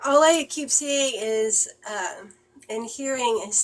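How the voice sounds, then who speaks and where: A woman medium giving a live-stream reading. She talks in halting, emotional bursts with many fillers and sighs. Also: fairly high pitch, rough recording.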